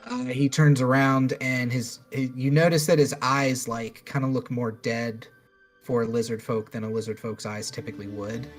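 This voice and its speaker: A man's voice: mid-range voice, little pitch movement, moderate pace, faint music behind. A man running a tabletop game as dungeon master, casual and laughing as he narrates, with some swearing.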